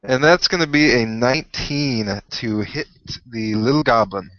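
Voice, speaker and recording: Slow-talking man playing a tabletop game. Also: medium pitch, slight background noise. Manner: slow, easygoing player talk with hammy in-character shouts. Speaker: player. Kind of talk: casual tabletop play. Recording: muffled, dry home recording.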